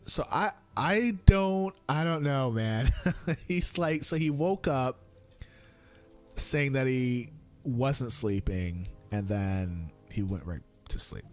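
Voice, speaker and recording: A man's voice: slow pace, faint music behind. A man in his thirties chatting casually on a live stream, rambling with fillers and restarts. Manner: high squeaky voice when quoting his young son.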